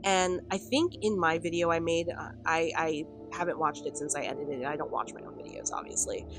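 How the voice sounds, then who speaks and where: Woman commentator, lower register, casual vlog ramble full of "like" and "um". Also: fairly quick, over music. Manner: rambling, filler-heavy with frequent "like" and "um"; chatty, laughs between points. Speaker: video commentator. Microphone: camera on a stand.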